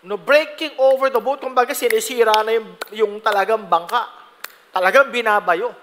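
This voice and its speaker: High-voiced Filipino pastor preaching in a hall. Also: male voice, brisk, slight background noise. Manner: mixes Bible reading with lively explanation, frequent "no?" tags. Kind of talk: sermon.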